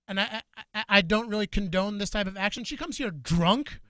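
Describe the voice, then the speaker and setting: Rambling profane man with a high, bright voice. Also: fairly quick, no room sound, clean studio sound. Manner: rambling, animated, profane, stumbles over words. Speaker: podcast co-host. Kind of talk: casual storytelling chat. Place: home studio. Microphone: studio microphone.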